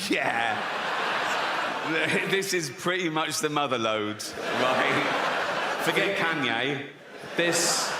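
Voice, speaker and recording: A man's voice: fairly high pitch, long reverb tail, heavy background noise. A man doing a stand-up routine, sardonic and sweary, often breaking into laughter. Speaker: comedian.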